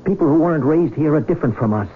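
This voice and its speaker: A man's voice: a little high, expressive, very fast, close to an everyday voice. An actor in a 1970s radio drama playing a suspicious young man who distrusts outsiders, blunt and needling. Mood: resentful. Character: suspicious young male son, resentful of outsiders. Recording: tinny narrow broadcast with faint hiss.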